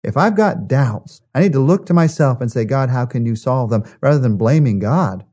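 A man's voice: mid-range voice, animated, normal speed, a little mellow. A man giving a devotional Bible study, reading verses and explaining them in an earnest, emphatic way. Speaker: Bible teacher.

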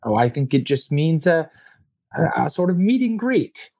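A man's voice: a little high, big pitch swings, normal speed, darkish tone, no room sound. A man narrating as game master of a tabletop game, hesitant and full of fillers, often laughing. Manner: hesitant, filler-heavy, easily amused.

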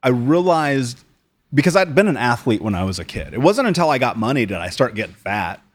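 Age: late 30s. Sex: man. Origin: United States. Role: podcast guest. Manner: blunt, profane, mid-pitched storytelling. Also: very animated, fairly quick. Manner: blunt and profane, calls people dude. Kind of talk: casual interview storytelling.

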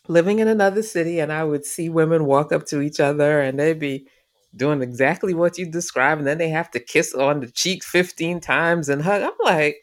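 A woman chatting casually with her sisters, laughing often and asking questions. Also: low voice. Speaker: podcast co-host. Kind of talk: casual chat among sisters.

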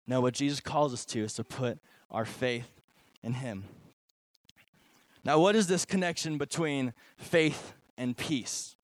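A young man preaching to middle schoolers as a junior high pastor, conversational and animated, swinging between loud emphasis and quiet asides. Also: measured pace, dry recording.

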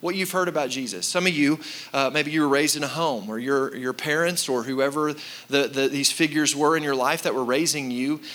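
A man delivering a sermon from the pulpit, his voice bright and forceful. He speaks emphatically, turns straight to the congregation, and repeats his main points for weight. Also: mid-range voice, a little fast. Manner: emphatic, repeats key lines, addresses the congregation directly. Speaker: pastor.

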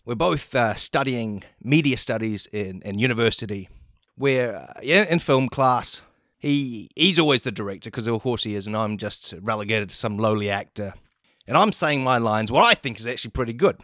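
A man's voice: mid-range voice, normal speed, no room sound, clean studio sound. A man hosting a comedy podcast, telling a rambling comic story full of swearing. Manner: profane, rambling, animated.

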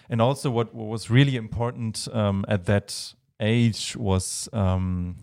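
A man with a German accent, a Baroque violinist talking as a guest in a relaxed interview, hesitant with many fillers and light laughs. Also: fairly low pitch, vocal fry. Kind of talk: casual interview chat.

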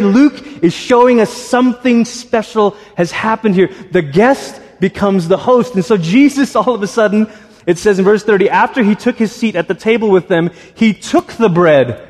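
High-voiced man preaching in a reverberant hall. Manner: conversational, animated storytelling with quick asides. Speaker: pastor. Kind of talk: sermon. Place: church sanctuary.

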